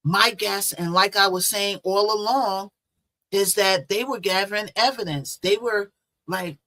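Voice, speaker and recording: Woman host, bright voice, casual and talky, tosses in rhetorical questions. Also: mid-range voice, measured pace. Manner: chatty, conversational, rhetorical asides. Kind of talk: casual commentary on a news case.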